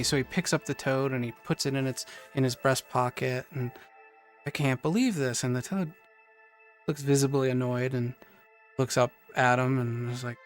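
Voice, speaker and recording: A man co-hosting a podcast, wisecracking and telling a joke with animated delivery. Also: medium pitch, normal speed, faint music behind. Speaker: podcast co-host. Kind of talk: casual chat, telling a joke.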